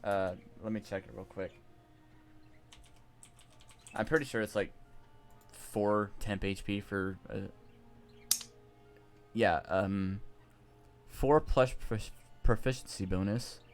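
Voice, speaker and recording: A man's voice: fairly low pitch, fairly even intonation, slow pace, long pauses, soft background music. A man running a tabletop game as game master, talking loosely and chuckling often.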